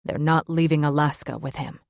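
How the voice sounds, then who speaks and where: A woman's voice: brisk, creaky, no room sound, clean studio sound. A woman voicing a grim, protective male wolf-shifter in an audiobook. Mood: commanding. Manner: low commanding tone.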